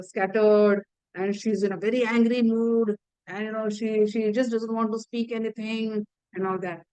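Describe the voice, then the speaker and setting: A woman's voice: on the high side, clean tone, no room sound, low-quality recording. A woman with an Indian English accent tells an epic story as a lesson for teenagers. She halts often and repeats words. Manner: halting, repeats words, many fillers. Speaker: teacher.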